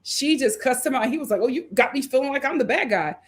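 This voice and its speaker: A woman's voice: high-pitched, lively intonation, quick pace, husky. A woman in her thirties recapping a reality show in casual chat, laughing and acting out the cast members' lines. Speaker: host of a reality show review stream.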